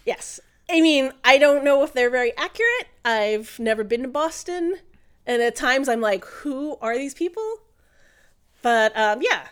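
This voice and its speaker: A woman with a fairly high voice co-hosts a casual podcast. She talks in an opinionated, chatty way, full of "like" and "I mean". She sounds eager to argue her view. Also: animated, moderate pace, smooth. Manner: chatty and opinionated, with lots of fillers. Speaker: podcast co-host. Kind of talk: casual chat.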